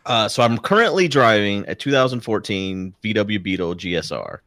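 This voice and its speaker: A man's voice: fairly low pitch, lively intonation, moderate pace, a bit bright, dry recording, studio quality. A man talking casually as a podcast guest, rambling with many restarts and frequent chuckles. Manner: rambling, self-correcting, chuckles often. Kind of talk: casual chat.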